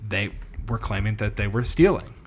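A man's voice: lowish voice, animated, moderate pace, slight background noise. A man co-hosting a casual podcast, explaining a history story with loose fillers and casual swearing. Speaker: podcast co-host presenting a history topic.

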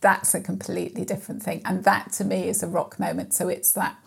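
Woman guest, raspy with a gravelly edge, reflective storyteller, interview. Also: lowish voice, flat delivery, fairly quick. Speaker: mental health guest speaker. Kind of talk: conversational interview.

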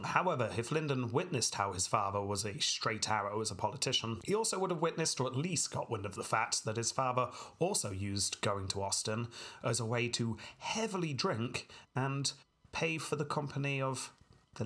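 A man's voice: medium pitch, lively intonation, moderate pace, fairly bright tone. A man co-hosting a podcast, casually narrating history with a dry, wry humor and frequent laughs. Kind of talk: casual storytelling chat.

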